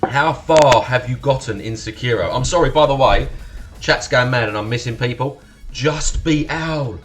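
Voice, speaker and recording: A man's voice: mid-range voice, moderate pace, faint music behind. Chatty Essex-accented man streaming. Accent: Essex estuary English. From Essex, England. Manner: chatty and swearing, thanking followers, laughs often. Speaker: livestream host. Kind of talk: casual live-stream chat with viewers.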